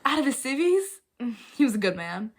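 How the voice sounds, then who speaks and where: A woman reading the words of a young Southern preacher's daughter, in a soft, wistful way. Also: high voice, big pitch swings, moderate pace, voice pushed up, heavily acted.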